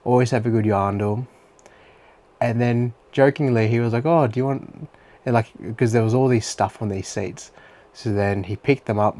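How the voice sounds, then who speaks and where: A man's voice: fairly low pitch, steady tone, normal speed, dark tone. A young Australian man talking through his day in a chatty, rambling diary-style monologue full of fillers. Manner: rambling and chatty, with many fillers and some swearing. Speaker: vlogger.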